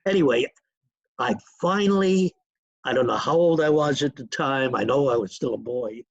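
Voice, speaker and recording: An older man, his voice gravelly and husky. He drifts from one memory to the next in a rambling, chatty way. The sound is close and dry. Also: mid-range voice, moderate pace, no room sound, highs cut off. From New York. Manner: rambling, digressive storytelling with chuckles. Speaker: interview guest. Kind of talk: reminiscing in a casual interview.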